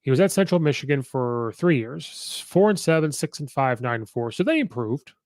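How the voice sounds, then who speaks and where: A man's voice: mid-range voice, big pitch swings, moderate pace, a little mellow, dry recording, clean studio sound. Opinionated man hosting a sports podcast. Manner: opinionated, rattles off records, many fillers. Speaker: podcast host. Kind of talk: casual sports commentary.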